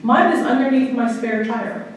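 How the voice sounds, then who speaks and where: Woman guest speaker, fairly high voice, anecdotal style, distant mic in a very echoey hall. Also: normal speed, background noise. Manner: chatty, storytelling, checks in with the audience. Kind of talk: anecdotal talk to a club audience. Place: meeting room.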